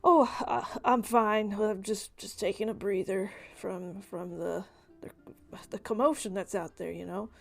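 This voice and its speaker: A woman's voice: medium pitch, fairly even intonation, unhurried, vocal fry, faint music behind. A woman voicing a dwarven man who drinks alone at a party, hesitant and stammering. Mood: flustered.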